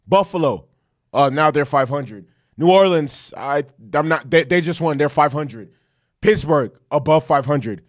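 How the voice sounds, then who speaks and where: A man with a high-pitched voice talks through a casual fan reaction vlog. He is hyped and profane, repeats his points and corrects himself mid-sentence, and keeps asking "okay?" to drive each stat home. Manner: profane, self-correcting rambles. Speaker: sports fan commentator.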